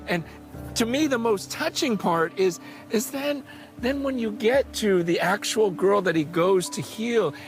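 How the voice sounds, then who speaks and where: A man's voice: high-pitched, a little slow. A man preaching a sermon with urgent passion, often repeating words as he presses his point. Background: music.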